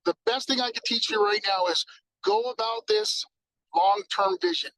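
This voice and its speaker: A man giving an energetic sales training talk, acting out exchanges with customers. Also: extremely high pitch, normal speed, vocal fry, a little hiss or hum, rough recording.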